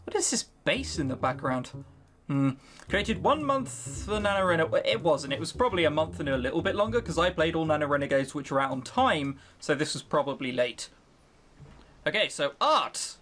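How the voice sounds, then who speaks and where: A let's-play host, young and at home on webcam, reads out a visual novel while mocking it chattily and sarcastically. The voice is medium-pitched, expressive, a little fast and a bit bright, picked up by a close desk mic.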